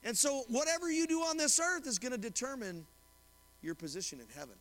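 A man's voice: extremely high pitch, lively intonation, brisk, fairly bright tone, in a large hall. A male pastor preaching a sermon, reading scripture and retelling a story, often asking the congregation questions. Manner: asks the congregation questions and retells stories with quoted voices. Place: church sanctuary.

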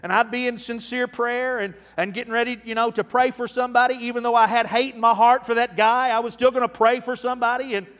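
A man in his fifties preaching a storytelling sermon, folksy and animated, with frequent restarts. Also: very high voice, fast, hardly any pauses, big-room sound. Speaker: pastor.

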